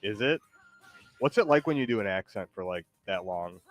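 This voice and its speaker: A man's voice: lowish voice, expressive, moderate pace, soft background music. A man hosting a stream in casual chat, loose and teasing, with lots of likes and ums. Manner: loose, rambling, teasing, many fillers. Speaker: streamer host.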